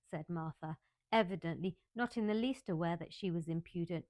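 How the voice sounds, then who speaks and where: A woman reading a classic children's novel aloud as a bedtime story, in a calm, measured way. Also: on the low side, no room sound.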